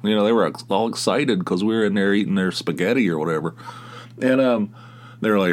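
A man's voice: lowish voice, a little fast. A man in his forties from West Virginia, hosting a casual solo podcast and rambling with restarts and sighs. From southern West Virginia, US. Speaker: podcast host.

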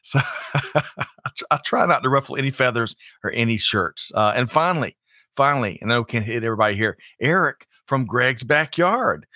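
Folksy guy hosting a livestream, bright voice, dry sound. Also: medium pitch, lively intonation, brisk, no echo. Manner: folksy, reads out audience greetings. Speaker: livestream co-host. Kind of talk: casual live show chat.

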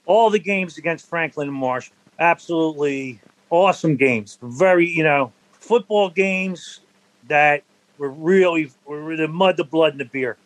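An older man, a former football center, telling stories from his playing days in a relaxed interview, laughing now and then. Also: fairly high pitch, a little slow, dry recording, poor audio. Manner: animated anecdotal storyteller, laughs between stories. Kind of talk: storytelling in a conversational interview.

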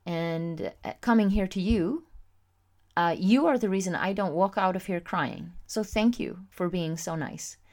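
A woman with a somewhat low-pitched voice tells a personal story on her podcast. She talks candidly and expressively, pausing often with fillers as she goes. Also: darkish tone. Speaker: podcast host.

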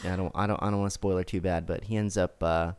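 A man hosting a casual podcast chat, excitable and given to sudden high exclamations. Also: quick pace, clear, resonant tone. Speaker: podcast host.

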